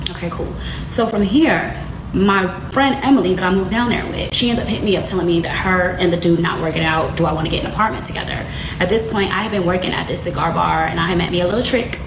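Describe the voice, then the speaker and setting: A young woman with speech telling a personal story casually and vividly, acting out the people she quotes. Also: lowish voice. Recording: echoey room with loud noise.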